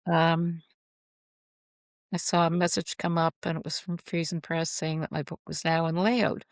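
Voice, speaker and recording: A woman, a guest author, telling heartfelt stories in a rambling, halting way with frequent restarts. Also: low-pitched, level tone, dry recording. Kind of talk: casual interview storytelling. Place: at home.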